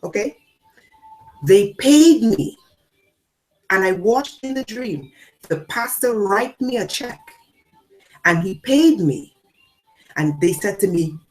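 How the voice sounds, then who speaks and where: A woman speaking as a spiritual teacher to her followers, her voice sitting in an ordinary middle pitch. She hammers points home by repeating them. She jumps from loud declarations to low, quiet asides. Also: animated, slow, pauses often. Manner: repeats phrases for emphasis. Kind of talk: spiritual talk to an audience.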